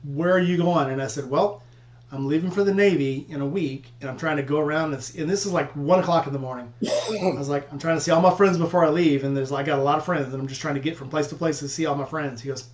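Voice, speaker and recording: A man's voice: a little high, quick pace, reverberant. A man telling profane, laid-back road stories in casual chat with friends. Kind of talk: casual storytelling among friends.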